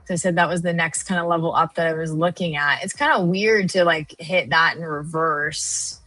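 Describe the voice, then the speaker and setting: A woman in her thirties co-hosting a live trading stream, chatting casually and telling a lively story with animated quoted voices. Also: low-pitched, moderate pace, dry recording, soft background music. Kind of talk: casual chat.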